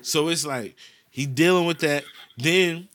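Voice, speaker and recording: A man's voice: fairly high pitch, a little slow. A man from the United States, ranting in a casual chat on a podcast and cursing a lot. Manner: animated ranting, heavy cursing.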